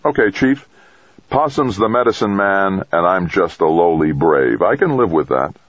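A brash, boastful male astronaut who crows with excitement and grows impatient, as a man reads him. The voice sits a little higher than the narrator's very deep tone, still husky, in a dry, slightly dull recording. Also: normal speed, no room sound. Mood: mocking. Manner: crowing, impatient.

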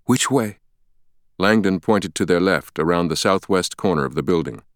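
A man narrates a thriller audiobook in a measured, even storytelling delivery. His voice sits very low. The recording is dry and close, with no room sound. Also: clean tone, no echo. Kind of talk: scripted narration.

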